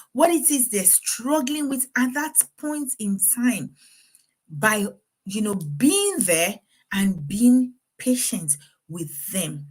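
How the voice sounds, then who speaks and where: Breathy middle-aged woman talking parents through stuff, earnest, faith-y, laughs a bit. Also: a little high. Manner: earnest, advising, laughs often. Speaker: parenting speaker. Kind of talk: faith-based parenting talk.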